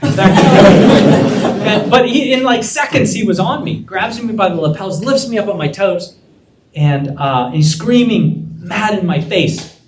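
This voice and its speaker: A man telling a lively story to law students and acting out the dialogue as he goes. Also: high voice, slow pace, a crowd in the background. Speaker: guest speaker. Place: lecture room. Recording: echoey room from a distance.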